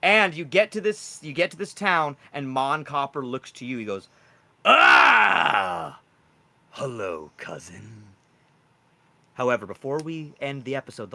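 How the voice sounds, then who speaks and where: Male game master, bright tone, animated storytelling. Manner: animated, with jumps in pitch and loudness. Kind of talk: narrating a tabletop game.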